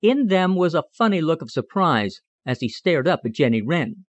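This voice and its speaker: A man narrating a children's animal storybook in a clear, measured storytelling manner. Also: on the high side, very animated, dry recording, dull audio. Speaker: audiobook narrator.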